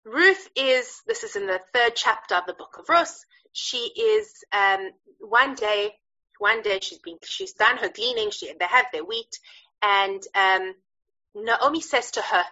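A woman teaching a Bible story in a lively, chatty way, with frequent fillers and searches for words. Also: mid-range voice, a little slow, muffled recording. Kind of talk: animated storytelling lesson.

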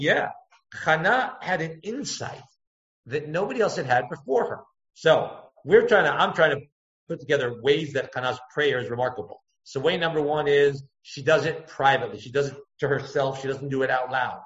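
A man giving a text-study lecture as a Torah teacher, thinking aloud, circling back to points and jumping his pitch up to act out quotes. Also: a bit bright. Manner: thoughtful, digressive, acts out quotes with pitch jumps. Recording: echoey room, dull lo-fi sound.

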